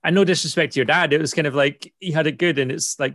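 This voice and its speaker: A man's voice: on the high side, fast, fairly bright tone, no echo, clean studio sound. A British man hosting a casual chat, upbeat and persuasive, often checking in with "right?". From Britain. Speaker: host.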